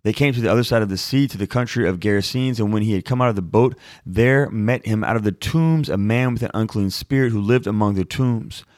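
Chatty low-voiced man in his thirties. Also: a little fast, few pauses, darkish tone, no echo, clean studio sound. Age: 30s. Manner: chatty and informal, with fillers like "like" and "y'all". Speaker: Bible teacher answering a viewer question. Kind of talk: Bible reading and casual teaching.

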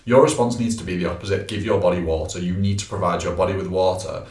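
A man's voice: low-pitched, fairly even intonation, quick pace, darkish tone. A man, a personal trainer co-hosting a podcast, chatting casually and explaining tips, with lots of fillers. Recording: echoey room, a bit far from the mic.

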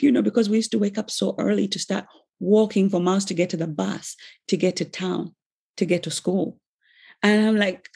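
A woman's voice: medium pitch, steady tone, normal speed, gravelly, darkish tone, husky. A middle-aged woman with a Ugandan accent, earnestly telling her life story as a personal testimony and acting out the dialogue she quotes. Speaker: speaker giving a personal testimony.

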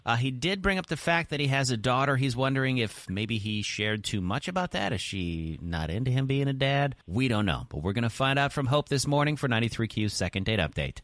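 A man hosts a morning radio show with a lively, teasing manner. His pitch jumps and falls a lot. The studio sound is dry and close. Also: a little fast, hardly any pauses, dry recording. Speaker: radio host. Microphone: studio mic.

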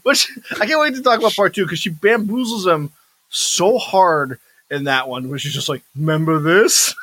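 A man's voice: high voice, lively intonation, moderate pace, sharp tone, breathy edge, no echo, poor audio. A man co-hosting a podcast in casual chat about films, joking and acting out quoted lines. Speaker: podcast co-host.

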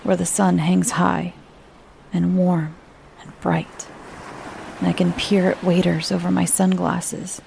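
A woman narrating a scripted first-person horror story in a slow, low, hushed voice that often drops to a whisper. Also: vocal fry, slight background noise.

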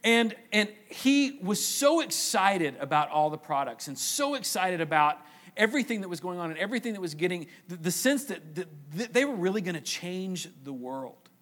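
Man preaching a slow, emphatic sermon. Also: high-pitched, sing-song. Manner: slow emphatic repetition, trailing off quietly at phrase ends. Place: church.

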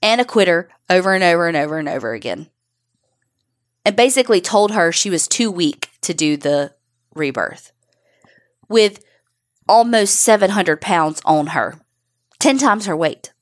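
Woman storyteller host, lowish voice, blunt, cusses through the facts. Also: animated, moderate pace, pauses often. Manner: blunt, swears while telling the case. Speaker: podcast co-host. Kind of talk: true crime storytelling.

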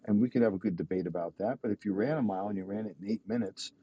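A man's voice: on the low side, racing, husky, highs cut off. A man giving a motivational talk in an emphatic, coaching way, repeating his points.

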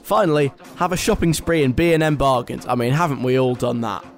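A man's voice: mid-range voice, brisk, soft background music. A young British man hosting a radio show, reading a list aloud and mocking it in a chatty, wry way. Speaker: radio host. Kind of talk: casual radio talk.

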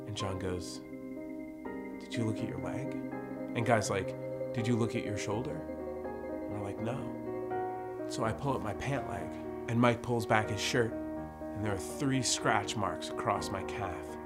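A man hosting a podcast, telling a spooky story in an animated way and acting out his friends' lines. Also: on the low side, a little slow, pauses often, loud music behind the voice. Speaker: podcast host. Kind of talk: storytelling, recounting a spooky experience.

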